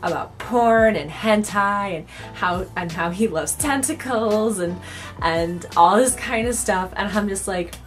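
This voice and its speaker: Young adult woman, cosplay vlogger, casual storytime delivery, filler-heavy, average pitch. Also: a little slow, soft background music. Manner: chatty, filler-heavy with frequent "like".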